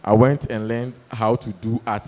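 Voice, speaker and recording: A young man doing stand-up storytelling on stage, animated, acting out voices and laughing through his lines. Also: medium pitch, normal speed. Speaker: stand-up comedian. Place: comedy stage before a live audience.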